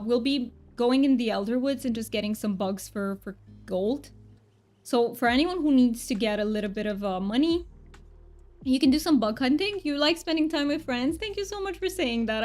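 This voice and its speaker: A woman's voice: on the high side, a little mellow. A woman game streamer chatting casually with her viewers and thanking them often. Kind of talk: casual live-stream chat. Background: faint background music.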